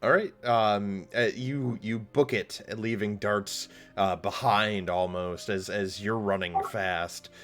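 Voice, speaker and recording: Man, game master, halting narration, lots of fillers, low voice. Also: steady tone, a bit bright, soft background music.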